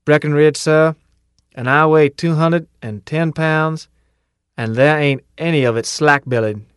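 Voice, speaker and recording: A man voicing a big, boastful young male recruit with a folksy, slow drawl in an audiobook. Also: fairly high pitch, smooth, dry recording, clean studio sound, pitched above the performer's own voice, close to an everyday voice.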